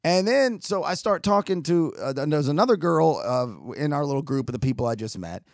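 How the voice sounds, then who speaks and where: A man's voice: on the high side, a little fast, no room sound, studio quality. A young adult man casually telling a personal story in a rambling, self-mocking way, full of restarts. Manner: animated, self-mocking, acts out quoted dialogue; rambling with frequent restarts and fillers.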